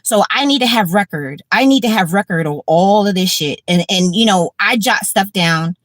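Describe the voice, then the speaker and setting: At a moderate pace and with no room sound, a mid-range female voice carries a casual livestream. The host, a tired woman in her 50s, is blunt and profane, and she tends to say things more than once.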